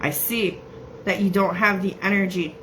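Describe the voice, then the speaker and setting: A woman giving a casual psychic reading, chatty and laughing often as she quotes messages in quick bursts. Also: mid-range voice, steady tone, a bit bright, a little hiss or hum, low-quality recording. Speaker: psychic medium.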